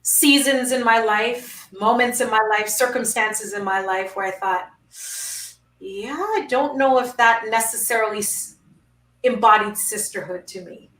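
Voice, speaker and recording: A woman's voice: a little high, a little slow, fairly bright tone, reverberant, recorded from a distance, a little hiss or hum, low-quality recording. A woman guest speaking in an emphatic, motivational way, with rhythmic repetition. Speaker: guest, founder of a women's network. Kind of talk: inspirational conversation.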